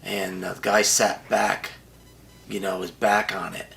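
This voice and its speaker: A gravelly older man tells a profane story as an interview guest, acting out the other people's lines as he goes. His voice is low and bright-edged, and his delivery is blunt and plain. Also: flat delivery, slow pace.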